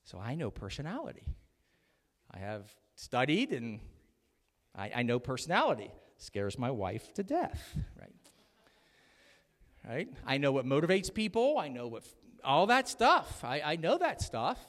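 A man's voice: mid-range voice, wildly swooping pitch, unhurried, a bit bright. A middle-aged male pastor preaching a chatty, joking sermon, calling out to his congregation. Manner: chatty, jokey preaching with audience call-outs. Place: church sanctuary. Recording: long hall reverb.

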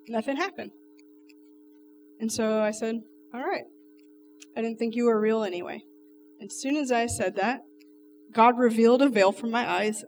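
A woman's voice: fairly high pitch, recorded from a distance. A woman telling an emotional personal testimony, earnest and emphatic, speaking straight to the audience.

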